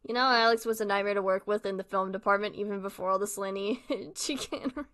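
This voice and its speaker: A woman's voice: mid-range voice, quick pace, hardly any pauses, a bit bright. A woman hosting a live stream, chatting casually, giggling and apologizing a lot as she comments on videos. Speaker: stream host.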